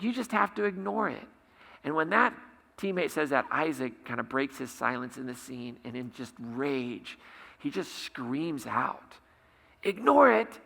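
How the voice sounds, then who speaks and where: A man's voice: mid-range voice, creaky, sharp tone. A male pastor preaching a sermon, retelling scenes with hesitant restarts. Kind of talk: sermon storytelling. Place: church sanctuary. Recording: reverberant church hall.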